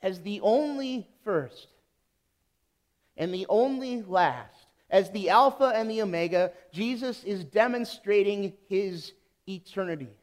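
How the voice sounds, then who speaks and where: A pastor delivers a sermon in an unusually high voice for a man. He speaks slowly and deliberately. He leans on emphasis and repeated phrases.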